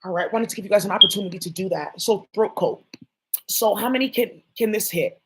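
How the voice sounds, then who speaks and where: A woman's voice: medium pitch, a little fast, heavy background noise. A woman vlogger talking to her viewers in a rambling, jumpy monologue, swearing often.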